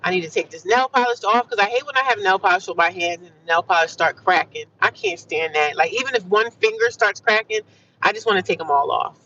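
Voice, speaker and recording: A woman's voice: medium pitch, a little fast, pushed and bright, distant mic, muffled recording, slight background noise. A middle-aged woman chatting casually while driving, upbeat and full of affirmations, calling her viewers "honey" and "child.". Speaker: vlogger livestreaming from her car. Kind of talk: casual chat.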